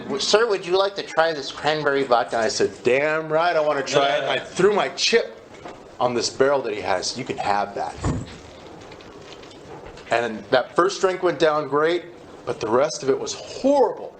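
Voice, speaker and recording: A man's voice: mid-range voice, slight background noise. A man speaking at a recovery meeting, telling his own story candidly and with self-deprecating humor, acting out what people said.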